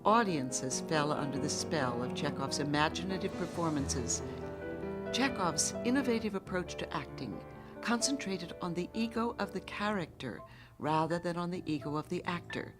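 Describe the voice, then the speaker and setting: A woman narrating a documentary in a measured, formal way. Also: fairly low pitch, expressive, over loud music. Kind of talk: scripted narration.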